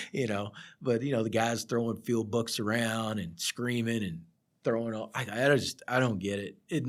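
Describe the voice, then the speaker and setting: A middle-aged man, a project surveyor, telling rambling work stories in a casual chat, laughing often. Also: fairly low pitch. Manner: laid-back rambling storyteller, laughs often. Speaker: project surveyor, podcast guest.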